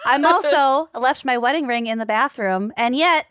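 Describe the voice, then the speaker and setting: A woman's voice: sits high, moderate pace, fairly bright tone, clear, resonant tone, no echo, studio quality. Wry, blunt woman co-host. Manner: wry, blunt, swears casually. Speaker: podcast co-host. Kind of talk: casual chat.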